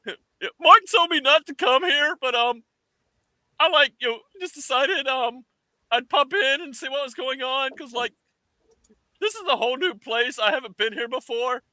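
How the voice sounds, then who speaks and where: A man's voice: very high voice, moderate pace, sharp tone, no room sound, voice pushed up, full character voice. A man voicing a chatty young male spirit who rambles in an airy, bubbly way.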